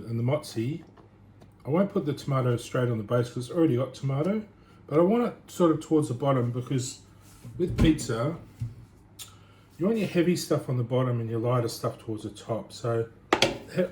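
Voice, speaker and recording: A man's voice: medium pitch, a little fast, mellow. Rambling man in a noisy kitchen. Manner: rambling, chatty, thinks aloud with restarts. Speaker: home cook vlogger. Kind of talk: casual cooking chat. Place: home kitchen. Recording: noisy home recording.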